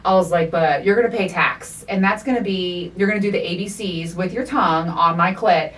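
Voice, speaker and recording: A middle-aged woman hosting a podcast, telling a story in animated, profane casual chat and acting out the quotes. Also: lowish voice, brisk, recorded from a distance. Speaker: podcast host.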